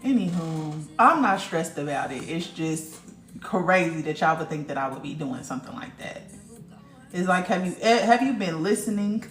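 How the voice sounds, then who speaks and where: A woman's voice: lowish voice, lively intonation, moderate pace, roomy sound, soft background music. A woman hosting a casual livestream, talking bluntly and profanely straight to her viewers in the chat. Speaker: livestream host.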